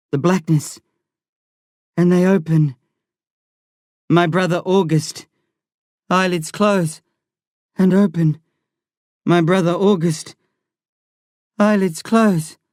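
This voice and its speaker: Woman reading a novel out loud, slow and intense, lowish voice, dry close sound. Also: no echo. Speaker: audiobook narrator. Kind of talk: first-person novel narration.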